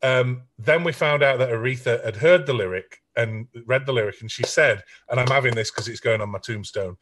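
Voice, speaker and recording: A middle-aged man from Sheffield with a northern English accent recounts his stories as an interview guest. He talks at a steady middle pitch, bringing the anecdotes to life by putting on the voices of people he quotes. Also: fairly quick. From England. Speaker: songwriter guest. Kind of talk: storytelling interview.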